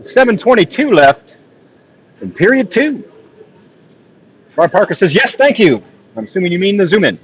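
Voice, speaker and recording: A man doing solo play-by-play of a ball hockey game, joking with chat between plays and rising in excitement on big plays. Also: sits high, normal speed, long pauses, breathy edge, dull audio. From not from Texas. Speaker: play-by-play commentator. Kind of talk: solo live sports commentary with chat asides.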